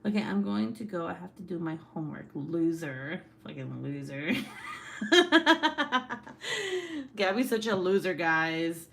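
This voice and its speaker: A woman's voice: lowish voice, moderate pace, creaky, few pauses. Laughing, swearing woman livestream host. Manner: laughs often, swears freely. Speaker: livestream host reading chat. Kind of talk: casual livestream chat.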